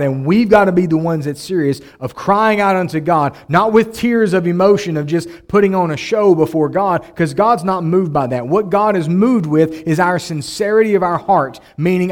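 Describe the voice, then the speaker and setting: A male pastor preaching a sermon, repeating his phrases and climbing to loud, emotional appeals. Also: fairly high pitch. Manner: preaching, voice rising to near-shouting in emotional appeals.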